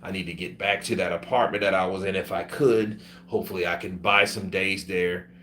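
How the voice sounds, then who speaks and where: A sick man casually telling a profane, animated story about his travels, acting out the other people's voices as he goes. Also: deep voice, a little fast, slight background noise. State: sick with covid.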